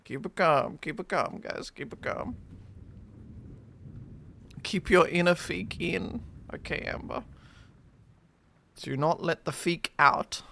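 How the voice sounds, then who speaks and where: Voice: medium pitch, lively intonation, takes it slowly, vocal fry, pauses often, fairly bright tone. A young adult streamer chatting playfully with viewers during a live stream, teasing and laughing a lot. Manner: playful, teasing, laughs often, sing-song swings. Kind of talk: casual live-stream chat.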